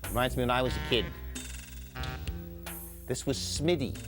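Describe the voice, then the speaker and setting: A man's voice: medium pitch, normal speed, over music. A man telling a personal story live in a community TV studio, acting out the voices of the people in it. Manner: animated, acts out quoted voices, shouts and whispers.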